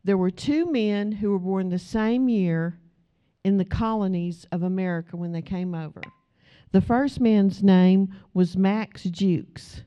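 A woman's voice: medium pitch, unhurried, smooth, highs cut off. A middle-aged woman preaching a sermon in a conversational way, asking the audience questions.

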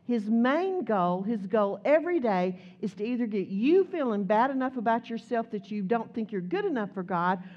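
Brief: woman preacher, high-ish voice, chatty animated sermon, dull lo-fi recording. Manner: conversational, animated storytelling with acted quotes.

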